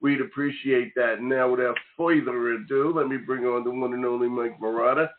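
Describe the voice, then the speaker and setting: A man's voice: mid-range voice, fairly even intonation, normal speed. A man hosting an education talk radio podcast, chatting in a rambling, friendly way. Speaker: host. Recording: phone-like narrow sound.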